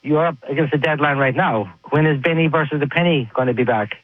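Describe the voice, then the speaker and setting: A man's voice: on the high side, fast, no echo. A man calling a sports radio show, chatty and eager, firing off questions. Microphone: phone line. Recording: tinny phone line.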